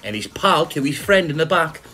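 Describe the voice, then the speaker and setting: A fairly high-voiced man does a profane comedic rant over a reaction video. He mocks each clip he reacts to and swears as he goes. Faint music sits behind him. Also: animated, normal speed, bright, forceful tone. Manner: swearing, mocking, ranting.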